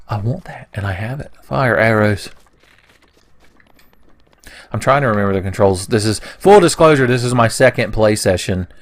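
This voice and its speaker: A young man doing casual let's play commentary, rambling into goofy, profane rants. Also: fairly low pitch. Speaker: gaming commentator.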